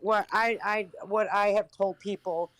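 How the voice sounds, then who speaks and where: A woman chatting on a casual podcast, outspoken and unfiltered, stopping and restarting mid-thought. Her pitch sits in the ordinary middle range for a woman, and she swears without hesitation. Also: steady tone, fairly bright tone, low-quality recording. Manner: blunt, halting, restarts often, swears. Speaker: podcast guest, reaction streamer. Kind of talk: casual chat.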